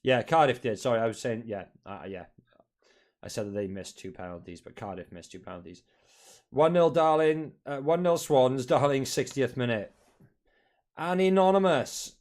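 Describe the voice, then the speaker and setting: A man hosts a live football watch-along from in front of his television at home. He talks loosely and casually, rattling off scores and team sheets, with the odd swear word and a habit of winding up his viewers. His voice sits at an ordinary middle pitch for a man. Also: expressive, moderate pace, a little mellow. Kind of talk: casual live-stream chat.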